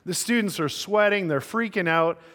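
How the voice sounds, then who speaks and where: A man preaches to his congregation, telling stories with lively delivery and acting out their characters. His voice sits a little high for a man. A long reverb from the large hall trails behind every phrase. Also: moderate pace. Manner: animated storyteller, voices the people in his stories. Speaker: pastor. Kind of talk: sermon with storytelling.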